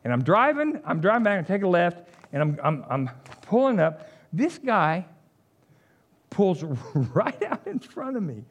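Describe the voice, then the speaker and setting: A middle-aged man, preaching a sermon, full of animated storytelling, jokes and asides. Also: high voice, a little slow. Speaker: pastor.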